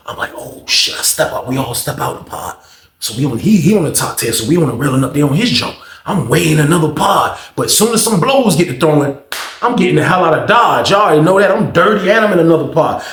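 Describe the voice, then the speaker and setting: A man with a slightly high voice tells a long casual story full of slang and curses. He acts out the other people in it, leaping in pitch for their lines. The room adds a noticeable echo. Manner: animated, acts out voices with big pitch jumps, heavy slang and cursing. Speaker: storyteller host. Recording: roomy echo.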